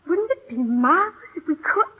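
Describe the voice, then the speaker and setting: An actress playing a doomed young heiress in a 1930s radio drama, swinging from teasing to tearful. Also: female voice, very high-pitched, big pitch swings, moderate pace. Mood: tender. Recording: thin, phone-like old radio broadcast.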